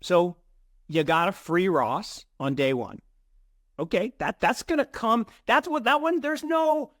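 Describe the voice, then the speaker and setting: A middle-aged man co-hosting an investing show, chatting in an animated way with many restarts and repeated words. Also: high voice, unhurried, no room sound, studio quality. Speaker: co-host of a crypto investing show. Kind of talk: casual conversational commentary.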